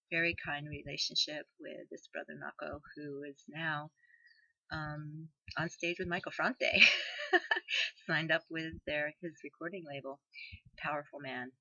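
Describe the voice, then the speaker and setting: A woman's voice: low voice, vocal fry, pushed and bright, no room sound, lo-fi sound. A woman telling a personal story, rambling with fillers, swinging between laughter and tears. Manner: emotional, laughing and tearful in turns.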